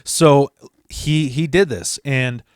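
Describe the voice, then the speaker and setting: A man's voice: medium pitch, takes it slowly, clear, resonant tone, no echo. Rambling, profane male storyteller, dry sound. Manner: rambling and profane, with restarts and asides. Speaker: storyteller host of his channel. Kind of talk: casual storytelling.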